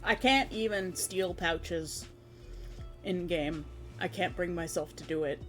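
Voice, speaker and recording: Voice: mid-range voice, slow, faint music behind. Rambling streamer recapping a game. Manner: rambling, animated storytelling that slips into quoted character voices. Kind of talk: casual chat recapping a tabletop game.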